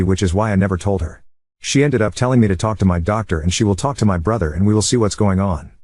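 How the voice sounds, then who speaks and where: A man reads an online confession aloud in scripted narration with a brisk, even delivery. His voice sits on the low side and races along. The sound is close and dry. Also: no room sound. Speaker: story narrator.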